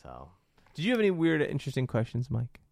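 Male host, animated delivery with lots of pitch swing, joking and quick to laugh. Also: gravelly, no room sound. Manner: jokey, animated, laughs often. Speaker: podcast host. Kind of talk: casual chat among friends.

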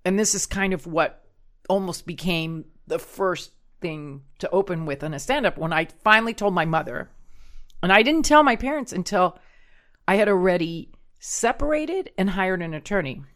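A woman's voice: lowish voice, normal speed. A woman in her forties, animatedly telling a personal story on a casual podcast and acting out what people said. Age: 40s. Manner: animated, acts out quotes.

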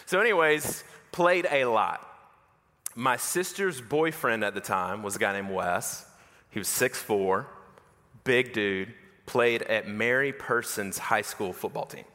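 A man preaching a sermon as an animated, self-mocking storyteller. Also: mid-range voice, takes it slowly. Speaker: pastor. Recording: reverberant hall.

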